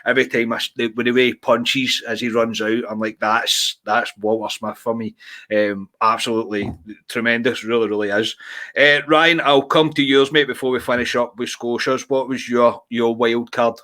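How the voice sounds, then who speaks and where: A young Scottish man hosting a casual podcast chat, earnest and steady, calling his co-hosts "mate". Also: mid-range voice, moderate pace. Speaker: podcast host.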